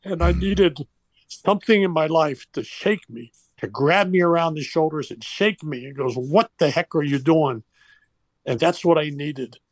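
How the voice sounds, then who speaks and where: A man's voice: on the high side, moderate pace, dry recording. Older guy, ex coach, telling a heartfelt story, rambles and restarts, dry close sound. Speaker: guest, former baseball coach. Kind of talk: personal storytelling.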